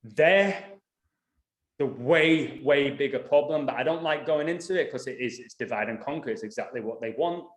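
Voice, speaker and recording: A man, hosting a casual conversational interview and telling stories in an animated way, acting out quarrels. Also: medium pitch, moderate pace. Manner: animated storyteller, acts out quarrels. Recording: echoey room.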